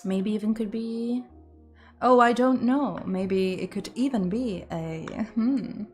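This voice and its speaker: A woman's voice: a little high, slow, soft background music. A woman streamer chatting casually and playfully with her viewers, rambling and joking crudely.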